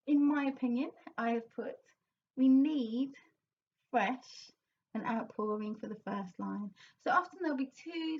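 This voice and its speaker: Encouraging and explanatory, this high-voiced woman coaches singers, now and then singing a line herself as a demonstration. Her tone is darkish, she's somewhat distant from the microphone, and the audio comes across slightly dull.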